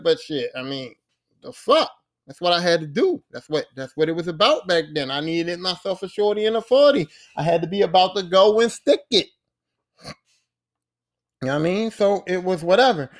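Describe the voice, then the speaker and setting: A man in his forties hosting a podcast, telling a casual story with lots of swearing and bursts of rapped lyrics. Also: high-pitched. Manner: animated, rapping lyrics and swearing freely. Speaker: podcast host.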